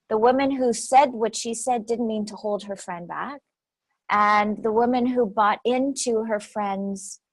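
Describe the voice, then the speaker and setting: A woman's voice: medium pitch, no echo, rough recording. A woman speaking as an interview guest, telling stories animatedly and repeating phrases for emphasis. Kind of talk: conversational interview storytelling.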